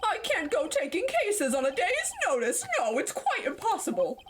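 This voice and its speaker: A woman's voice: high-pitched, big pitch swings, normal speed, background noise, voice pushed up. A woman playing a pompous old lawyer. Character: pompous older male lawyer, blustering. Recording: game music behind.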